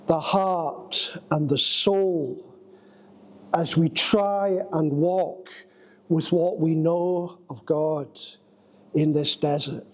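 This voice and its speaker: A man preaching a sermon in a church, telling a personal story with drawn-out, dramatic phrasing. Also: high voice, darkish tone, rough recording.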